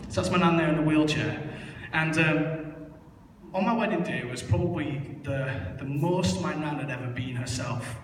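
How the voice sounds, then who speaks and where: A man's voice: a little high, moderate pace, slight background noise. Man, echoey distant church hall. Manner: candid, self-mocking storytelling with many fillers. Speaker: church member giving testimony. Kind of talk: personal testimony in church. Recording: echoey hall, voice heard from far off.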